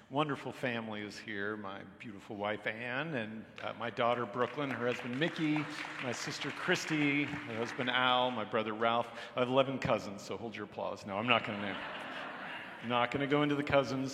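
A man's voice: mid-range voice, normal speed, a crowd in the background, background noise. A middle-aged man, an author, talking in a rambling, self-deprecating way at a live onstage interview, acting out quoted remarks. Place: hall with an audience. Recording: reverberant hall recording.

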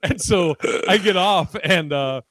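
Brief: male comedy podcast host, animated and profane, dry recording. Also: high voice, takes it slowly, dry recording. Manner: profane, animated storytelling, laughs often. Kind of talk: casual chat. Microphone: video call.

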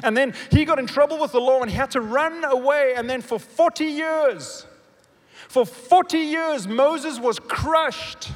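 A man preaching a sermon, swinging from loud emphatic bursts to quiet low asides and asking the congregation questions. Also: a little slow. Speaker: pastor. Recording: long reverb of a big hall.

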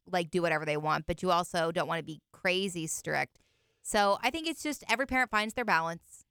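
Give me a woman co-hosting radio, unsure and thinking aloud, with a very clear, dry voice. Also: fairly low pitch, fairly bright tone, no echo. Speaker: radio co-host. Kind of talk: casual radio talk.

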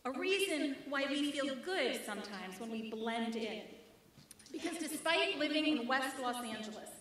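A woman rabbi preaches a rhythmic sermon laced with wry humor. Her voice is high and bright. It rings through a very echoey sanctuary, picked up from some distance away. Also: expressive, measured pace, a little hiss or hum. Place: large synagogue sanctuary.

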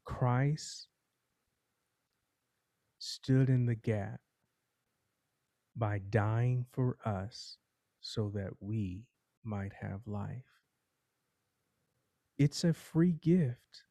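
A man preaching a sermon, telling a courtroom parable in a slow, dramatic storytelling manner. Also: lowish voice, gravelly, mellow, dry recording.

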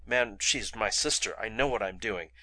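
A man voicing a forceful, commanding man who barks urgent orders. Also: on the low side, normal speed. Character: forceful commanding man protecting his sister.

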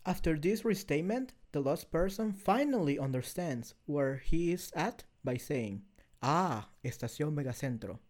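Man calmly explaining a lesson. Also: a little high. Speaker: language teacher.

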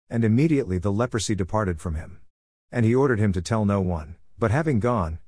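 A man reading scripture aloud in a steady, measured way, phrase by phrase. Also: lowish voice, husky, no echo. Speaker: scripture reader.

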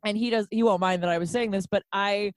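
A woman's voice: mid-range voice, fast talker, no room sound. A woman in her thirties chatting casually as a podcast co-host, telling stories and acting out quotes, with plenty of swearing. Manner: animated storyteller, swears freely, acts out quotes. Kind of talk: casual chat.

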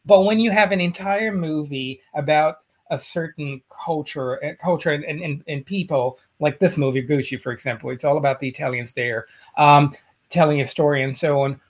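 A man's voice: on the high side, normal speed. A man co-hosting a podcast in casual chat, emphatic and repeating words as he gets going. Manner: emphatic, repeats words when starting, laughs easily. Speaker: podcast co-host.

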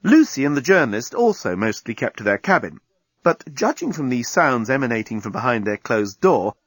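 A man's voice: medium pitch, very animated, moderate pace, a bit bright, slightly rough, dry recording. Wry male audiobook narrator.

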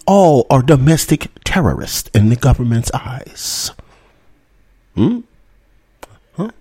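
A man's voice: medium pitch, big pitch swings, slow pace, warm tone, husky, dry recording. A man hosting a political talk show, delivering a heated monologue full of profanity and rhetorical "hmm?" asides. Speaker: podcast host.

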